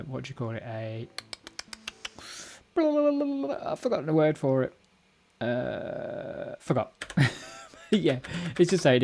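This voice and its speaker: A man's voice: medium pitch, creaky, a little mellow. A man hosting a casual live coding stream at home, thinking aloud and correcting himself as he goes. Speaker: live-stream host learning a programming language. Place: home room at a computer. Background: keyboard typing and clicks.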